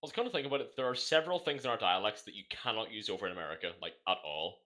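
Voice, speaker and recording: Man from the UK, bright and animated, swearing, laughing; voice-call podcast. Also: fairly low pitch, racing. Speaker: podcast participant. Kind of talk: casual online group chat.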